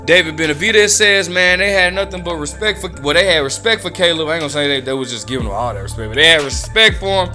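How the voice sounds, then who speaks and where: A man talks through boxing drama in loose, slangy commentary and acts out the quotes as he goes. His voice sits high and bright, with soft music underneath. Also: lively intonation, quick pace, hardly any pauses. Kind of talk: casual commentary.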